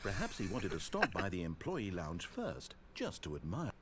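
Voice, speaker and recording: A sardonic narrator, lower than most and lively in his pitch. He comments on the player in a measured, wry way. A faint background hum sits under the game audio. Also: heavily acted. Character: dry British male game narrator.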